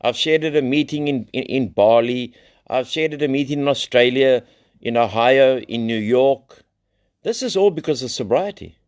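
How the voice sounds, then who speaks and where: A middle-aged South African man, founder of a recovery center, sharing his story in a loose, rambling way, blunt and full of slang and swearing. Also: fairly high pitch. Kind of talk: live recovery share, casual storytelling.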